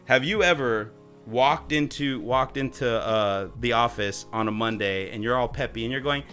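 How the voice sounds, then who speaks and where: Bright-voiced joking male streamer. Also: moderate pace, soft background music. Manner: joking, profane, jumps into high mock voices. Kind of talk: casual chat.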